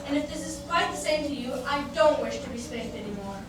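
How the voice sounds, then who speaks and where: A curious, earnest young elephant child, played by an older woman in a stage show, asking politely in a fairly high voice. The sound comes from far off in a very echoey hall with some background noise. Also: quick pace, close to an everyday voice. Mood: polite pleading. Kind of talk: amateur stage musical.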